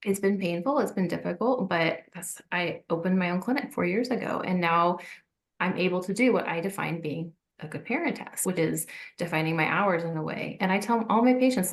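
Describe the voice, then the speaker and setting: A woman's voice: lowish voice, moderate pace. A woman in her forties, a physician and podcast guest, telling a personal story in a reflective, conversational way.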